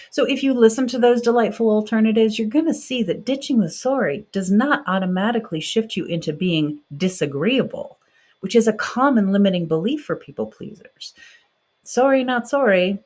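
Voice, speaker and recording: Woman, 40s, podcast host, motivational monologue, direct and encouraging, conversational, mid pitch. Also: moderate pace, darkish tone.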